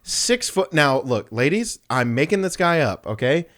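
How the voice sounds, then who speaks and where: A man's voice: on the high side, very animated, normal speed, a bit bright. A young man co-hosting a podcast, joking around and laughing often as he riffs on made-up scenarios in casual chat. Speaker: podcast co-host.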